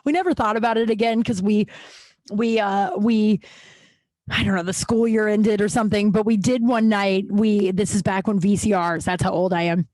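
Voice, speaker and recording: A woman podcast host in her thirties talks at a middle pitch, full of restarts and asides. She sounds wired and jittery from too much coffee, and the recording is dry and close to the mic. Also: steady tone, normal speed, a little mellow, no room sound. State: jittery, over-caffeinated. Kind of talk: casual storytelling monologue.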